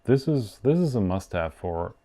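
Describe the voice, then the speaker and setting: A man's voice: lowish voice, very animated, moderate pace, dark tone. A man with a German accent hosting a yo-yo show, rambling and self-mocking through a live unboxing. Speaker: yo-yo show host.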